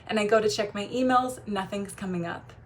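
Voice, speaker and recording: A woman's voice: mid-range voice, slight background noise. A young woman who coaches on relationships, talking to camera in a casual, gushing way with frequent light laughs. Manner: warm, gushing, quick laughs and playful quoted voices. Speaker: feminine energy coach.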